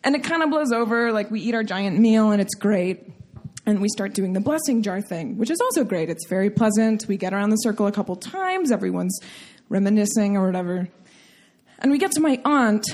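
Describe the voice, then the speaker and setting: Woman storyteller, bright high voice, lively and giggly delivery. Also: fairly quick. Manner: animated, laughing through the story. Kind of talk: comic personal storytelling.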